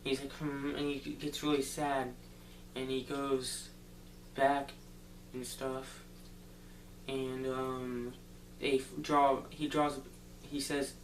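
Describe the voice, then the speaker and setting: A man casually retelling a movie plot for a review, rambling loosely and filling pauses with "like" and "um". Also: mid-range voice, little pitch movement. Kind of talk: casual spoken movie recap. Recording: roomy echo, distant mic, faint hum.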